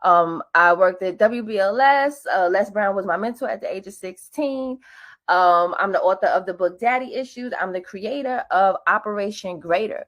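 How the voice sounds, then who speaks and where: A woman hosting a webinar, talking in a hype, casual way with slang and call-and-response greetings, over a computer mic on a video call. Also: medium pitch. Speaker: webinar host. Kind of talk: lively webinar presentation.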